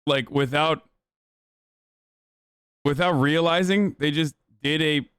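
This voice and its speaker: A man's voice: on the high side, takes it slowly, fairly bright tone, smooth, no echo, studio quality. A man streaming live on a desk microphone, reacting to a video with blunt, profane, exasperated commentary.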